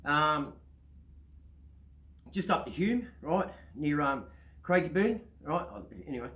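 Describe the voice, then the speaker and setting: A man's voice: on the high side, lively intonation, takes it slowly, a bit bright, echoey room, poor audio. A man with an Australian accent, hosting his own show and telling a long story in a casual, rambling way, often checking in with "right?". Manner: chatty, keeps asking "right?". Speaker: storyteller host.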